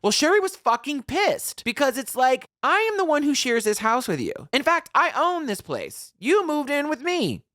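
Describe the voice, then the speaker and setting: A woman's voice: sits high, very animated, normal speed, hardly any pauses, a bit bright, no echo, clean studio sound. A woman co-hosting a true-crime podcast, telling the story with sarcastic, crude asides. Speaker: podcast co-host. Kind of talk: casual true-crime chat.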